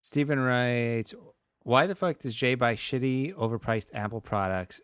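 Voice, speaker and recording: A man co-hosting a comedy podcast who chats casually and drops dry, deadpan one-liners. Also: mid-range voice, unhurried, clean tone, dry recording. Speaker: podcast co-host.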